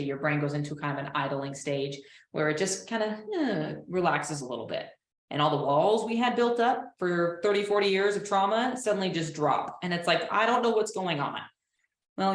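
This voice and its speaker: A low-pitched woman counselor leads a training seminar, lively and animated. She slips into short acted voices to quote her clients. The room around her is echoey. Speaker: trauma counselor.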